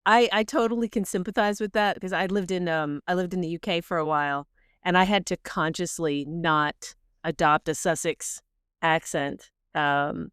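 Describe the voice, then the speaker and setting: A woman's voice: on the low side, steady tone, normal speed, a bit bright, smooth, dry recording, studio quality. A woman co-hosting a podcast, chatting casually and asking friendly questions. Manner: friendly, asks questions, affirming. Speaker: podcast co-host. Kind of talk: casual interview chat.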